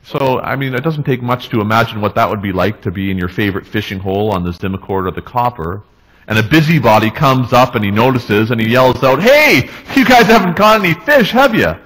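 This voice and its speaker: A male pastor preaching a sermon in a relaxed, conversational way, often checking in with the congregation. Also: fairly low pitch, brisk, poor audio. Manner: conversational, tag questions, restarts. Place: church.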